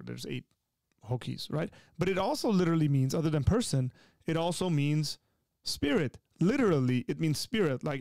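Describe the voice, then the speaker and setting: Gravelly male podcast host, hesitant. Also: fairly high pitch, darkish tone, no room sound. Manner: hesitant, many fillers and restarts. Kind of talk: casual conversational interview.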